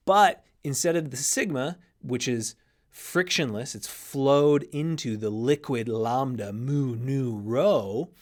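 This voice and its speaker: A man teaching a recorded grammar lesson in an explanatory way, often restarting phrases and spelling out letters slowly. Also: medium pitch. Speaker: Greek teacher.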